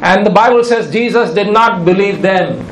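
High-voiced man preaching emphatically. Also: moderate pace, echoey room, slight background noise, poor audio. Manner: emphatic, repeats key phrases. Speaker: pastor. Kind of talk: sermon.

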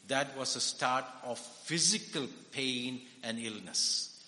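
Expressive and slow, with a sharp tone at medium pitch, a man from India preaches in an echoey hall. He's a preacher and psychiatrist whose sermon feels like conversation, full of questions for the listeners.

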